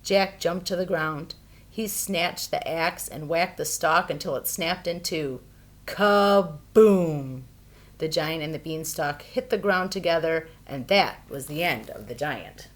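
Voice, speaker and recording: A woman reading a fairy tale aloud for children, expressive and playful. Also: deep voice, unhurried. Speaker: storyteller. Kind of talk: children's storybook read-aloud.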